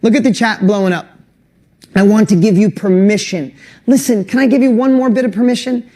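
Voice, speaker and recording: A middle-aged man hosting an online course webinar, talking earnestly and emotionally and getting louder on rallying lists. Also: high voice, brisk. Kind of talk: motivational webinar talk.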